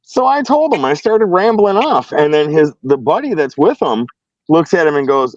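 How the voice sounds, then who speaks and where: A man's voice: fairly high pitch, very animated, normal speed, no echo, muffled recording. A man telling a story in casual chat, acting out both sides of a dialogue.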